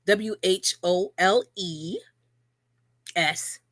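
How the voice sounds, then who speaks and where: A woman's voice: lowish voice, drawn-out words, a bit bright, no room sound. A woman co-hosting a live talk about relationships, speaking earnestly and repeating key phrases for emphasis. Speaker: co-host.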